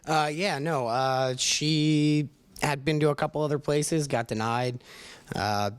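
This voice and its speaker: A man's voice: on the high side, fairly even intonation, slow pace, smooth. A man who sells cars, answering questions modestly and a bit hesitantly. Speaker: car salesman. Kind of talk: casual interview answers.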